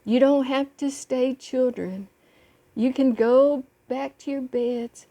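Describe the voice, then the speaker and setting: A woman voicing a kindly, magical old man who speaks calmly and reassuringly. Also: high voice, takes it slowly, full character voice. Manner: calm, reassuring.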